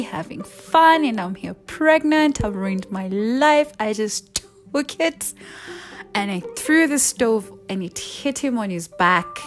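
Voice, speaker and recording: A woman speaks straight to her viewers in a mid-pitched voice, telling a personal story. Her delivery is emotional, rising to loud bursts and dropping to near-whispered asides. Soft music plays faintly underneath.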